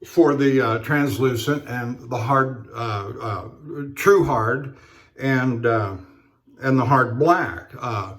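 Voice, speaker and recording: A man talking casually while he shaves, in a halting, rambling way with many fillers and restarts. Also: mid-range voice, fairly bright tone. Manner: rambling storyteller. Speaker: straight razor shaving vlogger. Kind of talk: casual talk while shaving.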